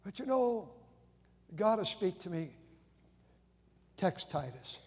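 A man's voice: high voice, sing-song, takes it slowly, a little mellow, slightly rough. An older man preaching a sermon in a conversational, storytelling way, often stammering and repeating his starts. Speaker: pastor. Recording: long hall reverb.

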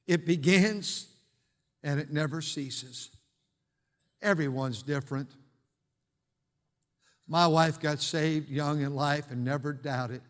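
An older man, a pastor preaching a sermon in his church, swinging between shouted preaching and quiet, hushed storytelling. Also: mid-range voice. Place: church sanctuary. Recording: long reverb of a church hall.

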